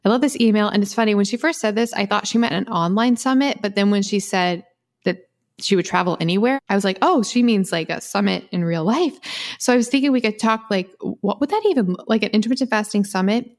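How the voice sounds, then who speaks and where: A woman's voice: medium pitch, fast talker. Woman, podcast co-host, casual chat, gushing, talkative, frequent laughs. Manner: gushing, chatty, full of "like" fillers, laughs often. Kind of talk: casual chat and reading listener email.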